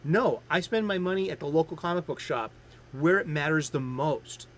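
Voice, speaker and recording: A man in his fifties hosts a casual stream about comic books. He talks in a chatty, rambling way, often restarting his sentences. His voice sits a little high for a man. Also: moderate pace, a bit bright, slight background noise. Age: 50s. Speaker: host.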